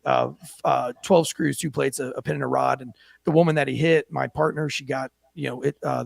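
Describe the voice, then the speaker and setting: A man with a gravelly, fairly high voice rattles through a story at speed, brash and profane, slipping into the voices of the people he quotes. He co-hosts the show and works as a police officer. The sound is close and dry. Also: no room sound. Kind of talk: animated storytelling.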